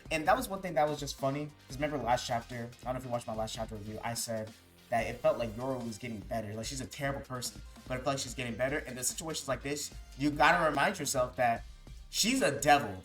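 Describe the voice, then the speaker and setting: Excited dude recapping a manga chapter, rambly and casual, faint music behind. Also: male voice, mid-range voice. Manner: enthusiastic, chatty, retells the story with lots of "like" and "bro". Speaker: manga reviewer.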